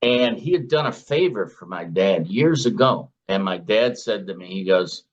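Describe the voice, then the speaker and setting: A man's voice: low-pitched, moderate pace, hardly any pauses. Older man from Chicago, chatty storyteller, dull sound. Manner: chatty anecdotal storyteller who acts out his own and others' quoted lines. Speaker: former silver floor trader, guest. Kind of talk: casual interview storytelling.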